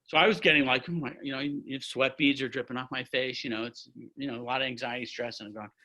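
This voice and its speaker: This is a man in his sixties with a bright, forceful voice, talking at an ordinary middle pitch. He spins a long, meandering anecdote over a video call from his home, stopping and restarting mid-sentence. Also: steady tone, quick pace, poor audio. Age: 60s. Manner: long-winded, rambling, full of restarts. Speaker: orchestra trumpet player, guest. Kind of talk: anecdotal storytelling in an interview. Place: at home by his music stand.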